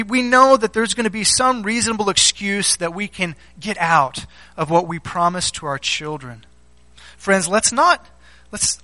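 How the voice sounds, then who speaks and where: A man's voice: high-pitched, bright, forceful tone, no echo, rough recording. A man preaching a sermon in a conversational, storytelling manner, full of rhetorical questions. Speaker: pastor.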